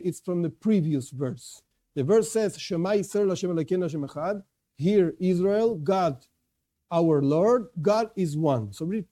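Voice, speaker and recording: High, bright-voiced man teaching a religious class. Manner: conversational, restarts often, asks and answers his own questions. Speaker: Jewish teacher. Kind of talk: informal Torah class.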